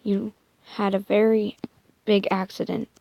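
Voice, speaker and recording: A calm, mysterious male fox spirit from a spoken storybook, as a woman puts him on. He speaks lightly and gently, with a gravelly edge and an unhurried pace. His warnings come out low and quiet. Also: low-quality recording.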